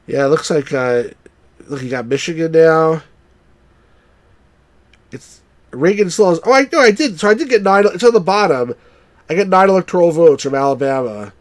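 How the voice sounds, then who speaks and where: A man from New Jersey chatting wryly through a live game stream, now and then cheering out loud. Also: on the high side, no echo. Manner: chatty, wry, bursts into excited cheers. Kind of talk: live let's-play commentary.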